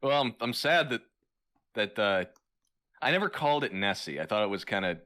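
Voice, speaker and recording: A man's voice: fairly low pitch, lively intonation, moderate pace, sharp tone. A man co-hosting a podcast who laughs easily and talks with many fillers and restarts. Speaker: podcast co-host. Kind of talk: casual comedic chat.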